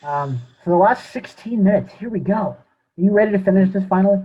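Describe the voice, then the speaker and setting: A man's voice: sits high, fast talker, slightly rough. A young man co-hosting a podcast in easygoing casual chat. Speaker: podcast co-host. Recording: dull lo-fi.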